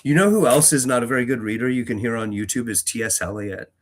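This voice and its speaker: Between readings on his book channel, a male host chats casually and rambles, often restarting and using fillers. His voice is medium-pitched and fast, with a slight hiss or hum in the background.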